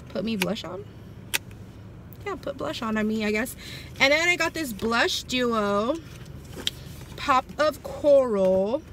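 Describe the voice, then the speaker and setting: A woman's voice: a little high, fairly bright tone. A young woman, chatting casually and bluntly through a shopping haul vlog with heavy swearing. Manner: profane, blunt and loose. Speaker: vlogger. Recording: faint background noise.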